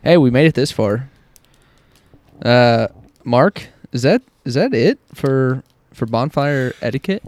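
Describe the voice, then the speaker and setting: A man co-hosting a podcast outdoors by a bonfire, chiming in with quick jokes and agreement. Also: mid-range voice, animated, a little mellow, no room sound. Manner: quick joking interjections. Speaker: podcast co-host. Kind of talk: casual podcast chat. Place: outdoor patio around a bonfire.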